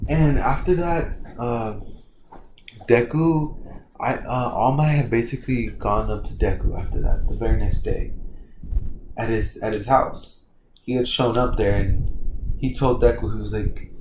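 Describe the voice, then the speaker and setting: A man's voice: medium pitch, unhurried, noisy background. Rambling man telling a story. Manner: rambling, many fillers and self-corrections. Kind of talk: casual storytelling. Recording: echoey room, faint ambience.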